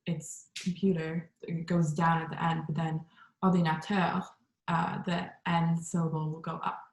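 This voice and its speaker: Woman doing a class presentation, kinda low voice, lots of ums, echoey room. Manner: relaxed, with many ums and likes. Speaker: student presenter.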